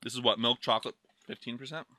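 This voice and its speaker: A man's voice: medium pitch, fairly even intonation, fast talker, bright, forceful tone. A young man doing a casual snack taste test, blunt and joking, with lots of swearing. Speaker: food taster.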